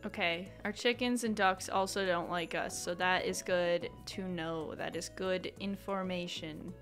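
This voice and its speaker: A young woman hosts a gaming channel, talking through her playthrough in a loose, chatty ramble. Her voice is bright and clear, and she keeps bursting into excited exclamations. A faint bed of music sits behind her. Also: on the low side, unhurried. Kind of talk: casual gameplay commentary.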